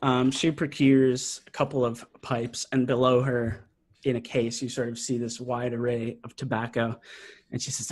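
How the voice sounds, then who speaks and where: A man's voice: mid-range voice, little pitch movement, moderate pace. A man narrating as game master of a tabletop game, rambling and hesitant, full of fillers.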